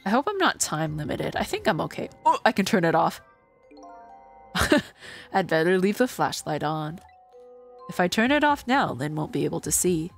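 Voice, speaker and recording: A woman's voice: lowish voice, very animated, normal speed, creaky, long pauses, soft background music. A woman streamer commenting live on a game, sarcastic and swearing casually.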